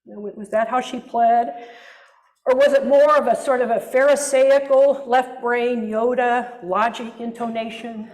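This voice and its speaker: A woman's voice: on the high side, a little slow. A woman pastor preaching a sermon in a reflective manner with wry asides, recorded in a reverberant church hall.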